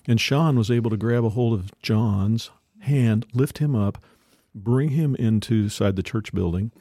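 A man hosting a casual conversation, telling a story with many pauses and fillers. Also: lowish voice, warm tone, no room sound, studio quality.

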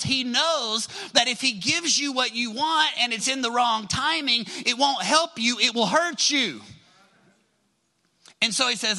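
A man's voice: very high-pitched, bright, forceful tone, low-quality recording. A man preaching a sermon in a conversational way, asking the congregation questions and acting out prayers. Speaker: pastor.

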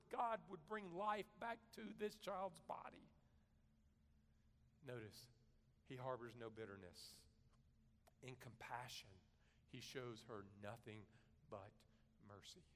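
Earnest preacher in a reverberant hall. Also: male voice, high-pitched. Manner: earnest preaching, swelling louder for emphasis and dropping soft. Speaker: pastor. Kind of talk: sermon.

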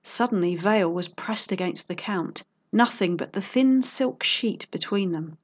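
A woman narrating a fan story in an even, measured reading voice. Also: mid-range voice. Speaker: audiobook reader.

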